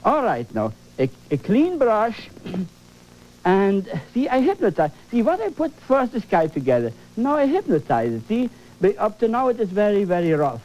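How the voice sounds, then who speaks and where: A man's voice: high voice, wildly swooping pitch, moderate pace, a little mellow, muffled recording. A man leading a televised painting lesson, exclaiming and coaxing, repeating phrases for emphasis. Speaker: painting instructor.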